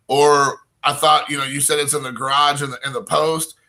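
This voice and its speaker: A man's voice: fairly high pitch, level tone, brisk, hardly any pauses, bright, forceful tone. A young man telling a casual, rambling anecdote, peppered with "like" and acted-out quotes. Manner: rambling, heavy use of "like" fillers, quoting himself and others.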